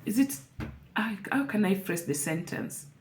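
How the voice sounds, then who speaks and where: A woman's voice: mid-range voice, animated, normal speed, darkish tone, slight background noise. A woman speaking to camera in an emotional personal vlog, earnest and repeating phrases for emphasis. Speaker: vlogger.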